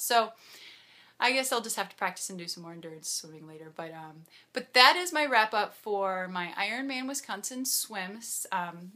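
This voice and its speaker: Bright, bubbly woman, chatty vlog recap with frequent laughs. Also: medium pitch. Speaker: triathlete vlogger.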